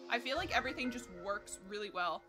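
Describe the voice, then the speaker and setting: A woman's voice: on the high side, lively intonation, fast talker, bright, forceful tone, soft background music. A young woman chatting casually while streaming a game, swearing and laughing often as she talks to her chat. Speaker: livestreamer. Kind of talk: casual gameplay commentary.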